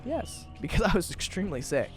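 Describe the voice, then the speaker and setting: A man's voice: high voice, very animated, brisk, soft background music. A man in his twenties casually chatting while playing a game, rambling through stories with lots of fillers. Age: 20s. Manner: rambling storytelling with many fillers. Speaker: gaming YouTuber. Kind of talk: casual let's-play commentary.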